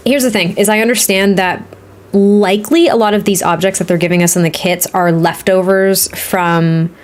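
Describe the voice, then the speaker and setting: A woman with a Boston accent chatting frankly and thinking out loud while building a house in a life-sim game. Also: mid-range voice. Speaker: Sims builder streamer. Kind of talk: casual gaming commentary while building.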